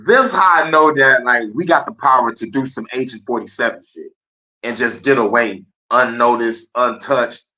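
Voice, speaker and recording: A man's voice: mid-range voice, normal speed, pushed and bright. A man hosting a live stream, rambling in a casual, profane monologue and laughing often. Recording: dull lo-fi stream audio.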